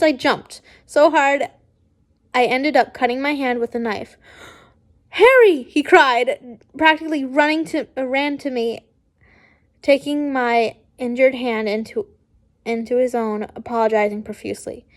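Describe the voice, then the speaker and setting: A woman reading fan fiction aloud casually, stumbling and correcting herself often. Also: high voice. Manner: stumbling, frequent restarts and self-corrections.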